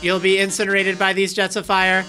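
A woman's voice: mid-range voice, completely flat delivery, fairly quick, pushed and bright, faint music behind, natural voice. A woman voicing a flamboyant male robot TV star who speaks melodramatically and calls everyone darling, reading game dialogue aloud. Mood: mock-tragic.

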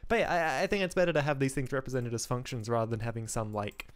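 A man's voice: medium pitch, fairly even intonation, fast talker. A man casually talking through his game code on a live stream, thinking aloud with ums, restarts and wry asides.

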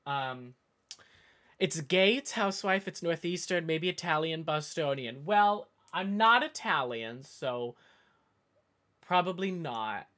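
A man's voice: fairly high pitch, animated, takes it slowly, pushed and bright. Rambling man chatting on a live stream. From Northeastern US. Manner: rambling, talks in tangents with many self-corrections. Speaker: streamer reading chat. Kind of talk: casual live-stream chat.

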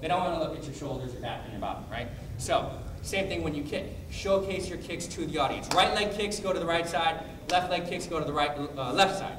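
A man leads a martial arts training class in a brisk coaching manner, explaining technique and calling out drills. His voice sits a little high for a man. He is picked up from a distance in a reverberant hall with clear background noise. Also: expressive.

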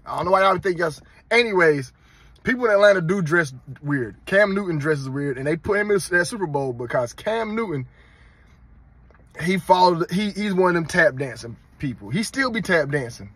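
Husky Southern man ranting on his vlog. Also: high voice, moderate pace. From North Carolina. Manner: animated, mocking, emphatic rants. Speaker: channel host.

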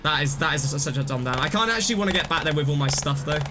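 A young man streaming live gameplay commentary, rambling and mocking his own mistakes, now and then bursting out excitedly. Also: fairly high pitch, very fast, over music.

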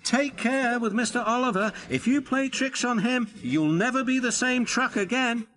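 A man's voice: very high-pitched, moderate pace, a bit bright, a little hiss or hum, voice pushed up. A man voicing a gang of mischievous freight trucks, chanting in a mocking sing-song. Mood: warning. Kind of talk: storybook narration.

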